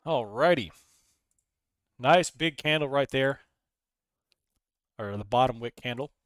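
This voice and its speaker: A man's voice: medium pitch, takes it slowly, dry recording. A man hosting a casual live stream, rambling, reading chat messages aloud and talking through his trades. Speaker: livestream host.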